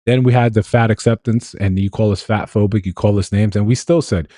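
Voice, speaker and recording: A man delivers a livestream commentary monologue in a low, mellow register. He leans on emphatic repetition and rhetorical questions. The sound is dry and close, with no room around it. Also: steady tone, brisk, no echo. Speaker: livestream host.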